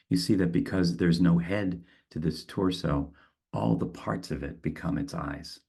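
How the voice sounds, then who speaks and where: Man, poet leading a guided meditation, very husky, slow reflective reading. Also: sits low, dark tone. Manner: slow, thoughtful, with halting repeats. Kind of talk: reflective talk and poetry reading.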